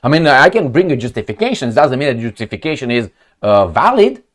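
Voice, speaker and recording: Speaking a little fast in a mid-range voice, this male political commentator goes through on-screen articles in a casual way. He's animated and sarcastic, curses, and talks to viewers as pals.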